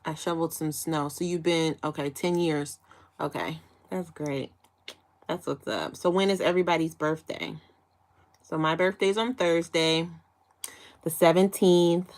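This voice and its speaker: This Chicago livestream host, a young woman in her 20s, chats casually and giggles as she reads out viewer comments. She speaks with a low-pitched voice at a measured pace.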